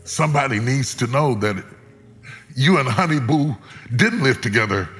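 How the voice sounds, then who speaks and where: A man preaching a sermon as a guest preacher, swinging between loud, soaring lines and hushed, low ones. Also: lively intonation, normal speed, soft background music. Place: large church auditorium with live congregation. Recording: echoey hall with loud congregation.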